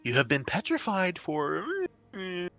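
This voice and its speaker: A man as an impatient mage who barks short orders and shoos people off, his voice swinging up sharply. The tone is bright and sharp, with faint music underneath. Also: high-pitched, animated, measured pace, creaky, pitched above the performer's own voice, full character voice. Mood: curt. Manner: brusque, shooing.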